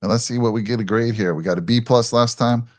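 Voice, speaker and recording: A man's voice: medium pitch, quick pace, dry recording. A man hosting a casual sports chat, upbeat as he leads the show and reads out viewer questions. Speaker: host.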